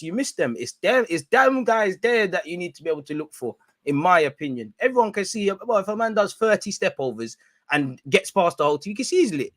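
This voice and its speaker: A young man giving excitable, slang-filled banter on a live football watch-along stream. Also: high voice, fast, dry recording.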